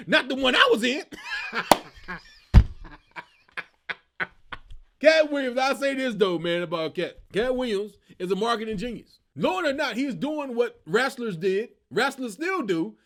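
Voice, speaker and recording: Man, comedian hosting his show, high-pitched voice, animated storytelling, casual commentary. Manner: animated, laughing storyteller who slips into character voices.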